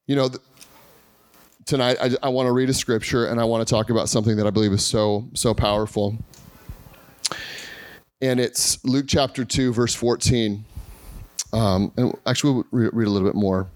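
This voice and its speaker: Pastor telling a lively story. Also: male voice, mid-range voice, normal speed, long pauses, dry recording. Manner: lively storytelling with acted-out quotes. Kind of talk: Christmas Eve sermon. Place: church service.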